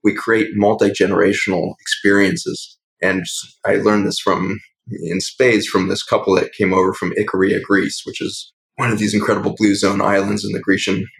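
A man's voice: on the low side, flat delivery, moderate pace, gravelly, a bit bright, rough recording. A man, a doctor guest on a podcast, telling stories in an earnest, reflective, flowing way. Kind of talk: podcast interview storytelling.

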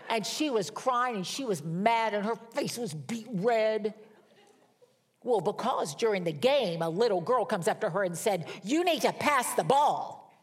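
A woman's voice: medium pitch, animated, a little slow, breathy edge. An older woman preaching a sermon in a conversational, folksy storytelling manner with wry humor. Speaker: pastor.

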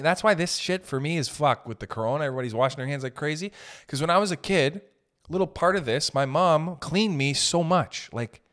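A young man telling comic stories in a loose, profane rant, riffing with quick asides. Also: a little high, fairly bright tone. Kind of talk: comedic storytelling rant.

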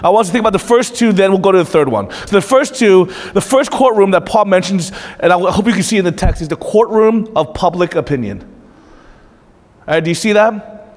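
A man with a fairly high voice preaches to his congregation. He talks to them like friends, at times lively and at times dropping low and intense. His voice trails off into the long reverb of a church hall. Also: brisk. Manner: conversational preaching, swings from lively asides to hushed intensity. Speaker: pastor. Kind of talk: sermon.

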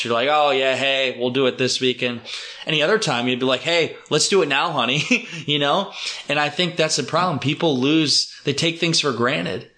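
A man's voice: mid-range voice, sharp tone. A man hosting a podcast, chatting casually and eagerly, asking follow-up questions. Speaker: podcast host. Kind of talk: casual interview chat.

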